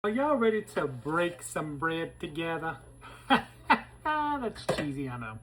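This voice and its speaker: Very animated, slow-paced and a bit bright, with a voice on the high side, this man hosts a casual kitchen cooking demo. He chats in a folksy way with viewers while tasting what he's made. Audio quality is poor.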